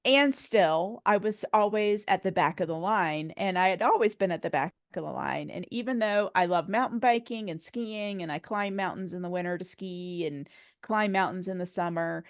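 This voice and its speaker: A woman's voice: lowish voice, normal speed, dry recording, clean studio sound. A woman in her forties, a podcast guest telling a personal story in a conversational way, acting out what others said and laughing often. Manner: animated storyteller, acts out quoted dialogue, laughs often.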